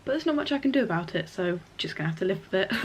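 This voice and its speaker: A woman's voice: mid-range voice, rough recording. A young woman, chatting casually to camera in a vlog and using plenty of fillers. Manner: chatty, filler-heavy, lots of "literally" and "like". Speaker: vlogger.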